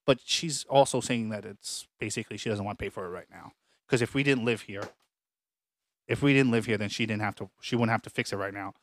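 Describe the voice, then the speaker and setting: A man co-hosting a podcast, telling a long story casually with restarts and animated retellings, recorded at home. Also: on the low side, a little fast, no echo. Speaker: podcast co-host. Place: home apartment.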